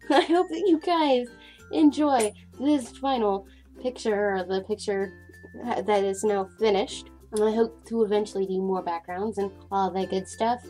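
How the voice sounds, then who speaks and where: A young woman chatting casually to her viewers in a voice-over. She rambles, laughs often, and breaks off now and then to scold her cat in high-pitched bursts. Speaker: art channel creator. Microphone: desktop mic, recording audio at home. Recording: faint background music. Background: soft background music.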